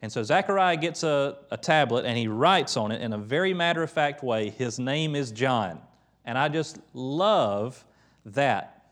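A man preaching a conversational, emphatic sermon in a church, retelling scripture with lively quoted voices. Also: medium pitch, moderate pace. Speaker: pastor.

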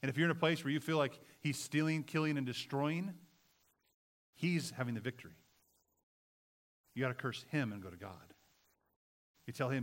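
Male pastor mid-sermon; earnest and emphatic, wide swings from loud to hushed delivery. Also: medium pitch, moderate pace, long pauses.

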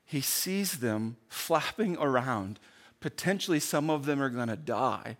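A male pastor telling a story in a sermon, swinging between loud bursts and hushed, slowed-down passages. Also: medium pitch, expressive.

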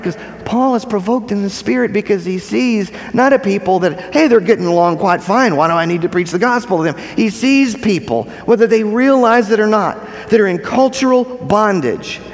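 High-pitched guy preaching in a church, repeats his big lines, keeps asking if you're following, long echo tail. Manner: emphatic, repeats key phrases, asks the congregation questions. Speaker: pastor. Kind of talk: sermon. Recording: long hall reverb.

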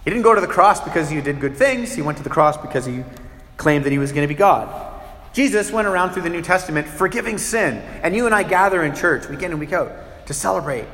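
A man preaching as a pastor, his voice pitched a touch high and carried through a roomy, echoing hall with a long reverb. He talks in an animated way, acting out little scenes with shifting voices. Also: fast. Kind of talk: sermon.

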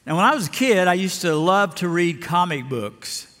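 Older Alabama-raised pastor, reverberant hall. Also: male voice, high voice, lively intonation, normal speed, a bit bright. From Lower Alabama. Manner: folksy storytelling, acting out voices in stories. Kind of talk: sermon.

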